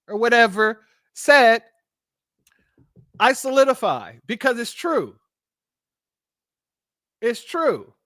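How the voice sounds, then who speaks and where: A Californian-accented man hosts a casual live stream with a high voice. He tells stories in an animated way and laughs often. The sound is dry and close. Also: no room sound.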